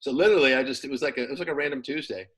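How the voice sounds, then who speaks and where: A man's voice: medium pitch, rapid-fire, poor audio. A man, a former pro football player, talking casually as an interview guest, rambling with plenty of fillers. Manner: relaxed, rambling with many fillers.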